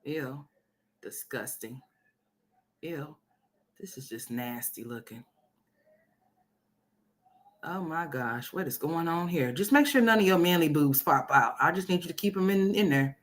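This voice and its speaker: An Oklahoma woman hosts a livestream commenting on a reality video, delivering loud, sassy, brash rants packed with profanity. Her deep voice is expressive, a little slow, and broken by frequent pauses.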